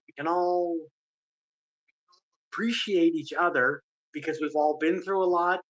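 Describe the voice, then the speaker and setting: Man, casual community chat, eager and rambling, apologetic, repeats words, slightly higher voice, dry close sound. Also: dry recording, low-quality recording. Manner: enthusiastic, apologetic, many restarts and repeated words. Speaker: community speaker in a live audio space.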